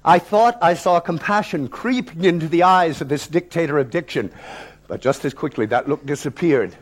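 A man's voice: a little high, normal speed. A man in his sixties, a theatre director, performing a dramatic, declamatory personal story on stage. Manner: dramatic, declamatory, sweeping shifts in loudness. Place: talk-event stage.

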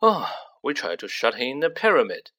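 A man's voice: medium pitch, wildly swooping pitch, brisk, sharp tone, heavily acted. A man voicing a mischievous, playful teenage twin boy in a storybook reading. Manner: playful, mock-posh.

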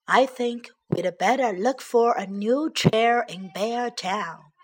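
A woman voicing a calm, cautious father bear in a storybook reading, speaking a little lower and giving gentle warnings. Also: slow.

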